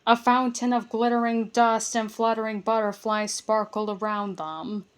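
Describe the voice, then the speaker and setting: A woman reading a children's book aloud, careful and steady, with small stumbles and restarts. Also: fairly high pitch, normal speed, clean tone. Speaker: storybook reader.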